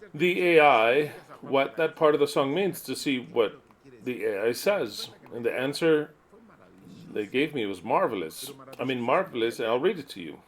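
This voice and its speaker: A man preaching to his listeners in an earnest teaching style, repeating his points and reading aloud and explaining them. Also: mid-range voice.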